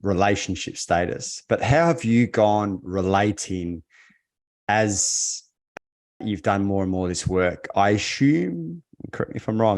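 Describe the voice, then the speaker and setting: Deep-voiced male podcast host. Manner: relaxed, casual questioning with slang. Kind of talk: podcast interview.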